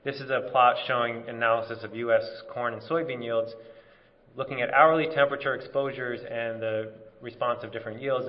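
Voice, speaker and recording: A man from California giving an academic conference talk in a relaxed, informal way, with lots of fillers and restarts. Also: medium pitch. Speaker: conference speaker. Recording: dull audio with long hall reverb.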